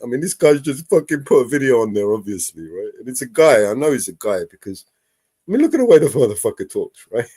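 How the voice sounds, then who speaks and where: Sarcastic male streamer, animated swooping delivery, dry close sound. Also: medium pitch, fast, husky, no room sound. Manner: sarcastic, laughing, swearing. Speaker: live stream host. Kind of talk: casual live stream commentary.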